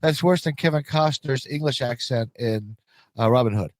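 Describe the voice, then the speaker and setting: A man's voice: medium pitch, moderate pace, no echo. A man in casual podcast chat, playful and chuckling.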